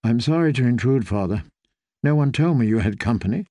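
A man voicing a polite, soft-spoken young noblewoman. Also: medium pitch, lively intonation, brisk, no room sound, close to an everyday voice.

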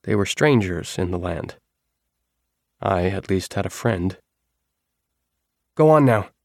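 A man reading a first-person novel aloud in a measured, even storytelling manner. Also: deep voice, creaky, dry recording, clean studio sound. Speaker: audiobook narrator.

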